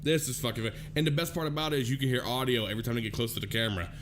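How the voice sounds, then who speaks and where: A man hosting a casual talk show, telling a story in a profane, animated way. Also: medium pitch, rapid-fire, a little hiss or hum.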